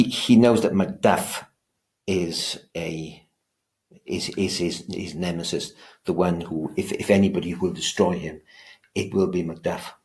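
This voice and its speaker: A man's voice: low-pitched, a little mellow. A male teacher giving a revision lecture, talking emphatically and often restarting and repeating his words as he explains.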